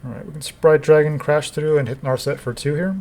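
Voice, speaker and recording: A man's voice: on the high side, fast talker, creaky, darkish tone. A man giving casual commentary over his own gameplay, dry and wry in his asides to the opponent.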